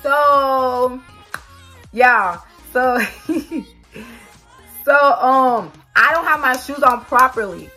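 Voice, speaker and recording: A woman vlogger telling a storytime to her viewers, animated and swearing freely. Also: high-pitched, drawn-out words, long pauses, faint music behind. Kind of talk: storytime vlog.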